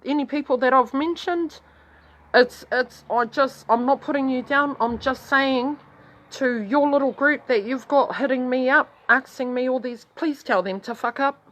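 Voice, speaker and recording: A woman with a New Zealand accent telling a crude story in a casual vlog, swearing constantly and rambling, her voice jumping up when she gets worked up. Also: a little high. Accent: New Zealand English. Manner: heavy swearing, blunt and rambling; animated, voice jumps up when excited. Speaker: vlogger.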